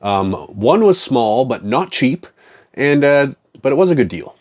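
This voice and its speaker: A man's voice: mid-range voice, very animated, unhurried, a little mellow. A man in a profane, joking, rambling casual chat, talking as a comic collector.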